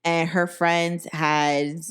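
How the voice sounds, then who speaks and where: A young woman hosting a podcast, telling a story in animated, profane casual chat and acting out the people in it. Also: sits low, very slow, clear, resonant tone. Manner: animated, profane, acts out quoted voices. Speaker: podcast host.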